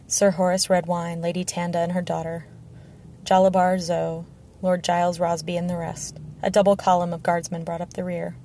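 Mellow, even-toned woman narrating. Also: on the low side, gravelly, slight background noise. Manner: steady, even storytelling. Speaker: audiobook narrator. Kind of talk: scripted narration.

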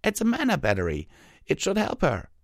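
A man's voice: sits high, huge pitch swings, a little fast, no echo, clean studio sound, pitched above the performer's own voice, heavily acted. A man voicing a caring, eager young male baby dragon in a storybook reading. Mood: concerned. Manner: worried, helpful.

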